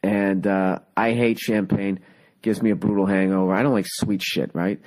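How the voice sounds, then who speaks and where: A man in his forties with a Boston accent, hosting a podcast and talking in a loose, profane, rambling way. His voice sits a bit low, and he cracks jokes as he goes. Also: steady tone, moderate pace, darkish tone. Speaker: podcast host. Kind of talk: casual chat.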